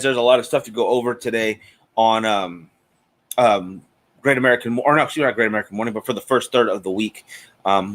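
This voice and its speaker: A man hosting a live cigar stream in a chatty, casual way, greeting viewers by name. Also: medium pitch. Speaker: host of a cigar show.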